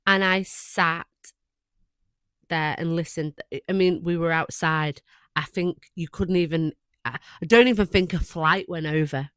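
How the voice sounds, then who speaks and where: A woman's voice: on the low side, measured pace, fairly bright tone, clear, resonant tone, no room sound. A woman co-hosting a podcast, talking in an earnest, reflective and admiring way in casual chat. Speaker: podcast co-host.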